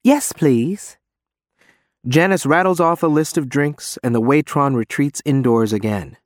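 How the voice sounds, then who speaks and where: A man's voice: medium pitch, moderate pace, no echo, studio quality. A man narrating a story in first person. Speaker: audiobook narrator. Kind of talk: scripted narration.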